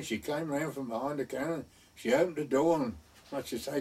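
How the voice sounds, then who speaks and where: A man's voice: medium pitch, lively intonation, fairly quick, a little mellow, slightly rough, far from the mic. An older man telling a wartime story from his youth, chuckling often and acting out the voices of the people he quotes. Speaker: oral history storyteller. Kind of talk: reminiscing anecdote.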